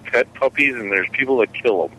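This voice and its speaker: A man's voice: medium pitch, a little fast, pushed and bright, slight background noise, low-quality recording. A man in casual crude chat, making dry, blunt remarks. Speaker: show regular.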